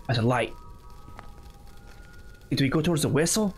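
A man's voice: medium pitch, animated, normal speed, long pauses, a little hiss or hum. A man on a YouTube channel giving nervous, chatty running commentary while playing a horror game. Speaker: YouTube gamer.

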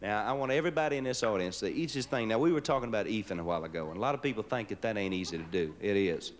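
Man, show host, folksy joking patter, lowish voice, noisy old broadcast. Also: expressive, racing. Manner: joking, down-home, leads crowd in chants. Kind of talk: folksy stage patter with audience. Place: TV studio stage with live audience. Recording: noisy 1970s live TV broadcast. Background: studio audience laughing.

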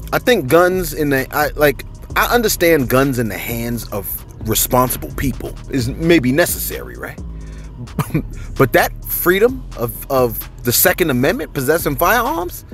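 A man hosting casual celebrity news commentary, chatty and animated, often breaking in to ask "you know what I'm saying.". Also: mid-range voice.

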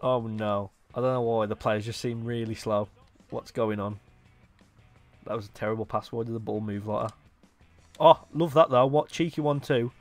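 A young man giving excitable live commentary on his own football video game match, dropping to low mutters between sudden loud outbursts. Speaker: gaming YouTuber.

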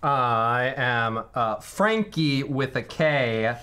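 A man's voice: medium pitch, expressive, noisy background. A man playing in a board game session, joking as he introduces his character. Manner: slow, joking. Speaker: player.

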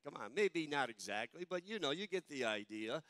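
A man's voice: mid-range voice, very animated, brisk, hardly any pauses, a bit bright, no echo. A male pastor preaching a sermon and reading scripture, emphatic and given to stammered restarts.

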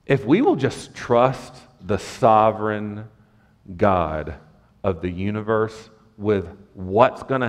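Pastor guy preaching, chatty and lively, mid-pitched, big echoey church. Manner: conversational, lively preaching with asides. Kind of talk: sermon. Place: church sanctuary.

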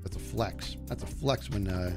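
A man's voice: lowish voice, moderate pace, music in the background. A middle-aged man streaming live, telling rambling, self-deprecating stories to his chat in a casual way.

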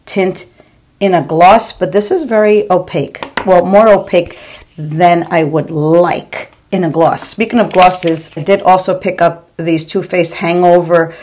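A woman's voice: lowish voice, fairly even intonation, a little slow, darkish tone, a little hiss or hum. A woman in her forties or fifties, a beauty vlogger in a casual makeup review at home, chatty and calling her viewers "girl", with stammering repeats. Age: 40s or 50s. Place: home room.

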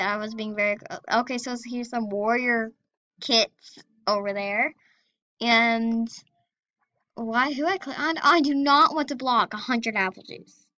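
A young woman chatting excitedly and giggling as she comments on her gameplay. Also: a little high, muffled recording. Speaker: gaming video host.

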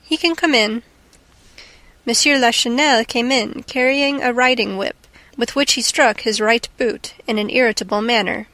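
A woman narrating a classic novel as an audiobook in a steady, measured reading. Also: on the high side, dry recording. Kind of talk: scripted narration.

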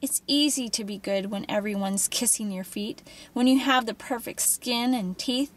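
A woman's voice: a little high, moderate pace, lightly acted. Woman doing a sneering cruel teen girl. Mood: mocking. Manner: taunting, mocking, menacing. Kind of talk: audiobook character voice.

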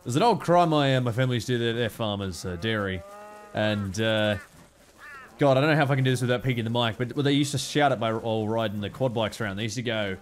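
A man from Australia with an Australian accent, giving casual gameplay commentary at home, excitable and sweary with rambling asides. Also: mid-range voice, quick pace. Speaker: gaming video host.

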